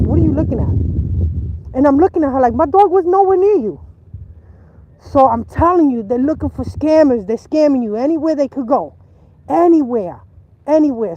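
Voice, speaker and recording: A woman chatting on a casual livestream outdoors by a river, talking in an animated, emphatic way and repeating herself for stress. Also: high-pitched, lo-fi sound.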